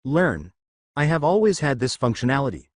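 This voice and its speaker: A man voicing a deadpan teenage boy with a machine body who talks like a device. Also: medium pitch, normal speed, no echo, clean studio sound, lightly acted. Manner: flat, matter-of-fact.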